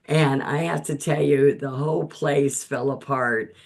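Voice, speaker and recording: A woman hosting a painting lesson over a video call, telling stories in an animated way and often laughing between steps of instruction. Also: rumbling low, unhurried, creaky. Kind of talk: chatty storytelling and painting instruction.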